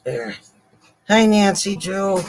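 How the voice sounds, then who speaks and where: An older woman co-hosting a live stream, apologizing to viewers in halting speech with many pauses and repeated words. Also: medium pitch, animated, slight background noise, rough recording.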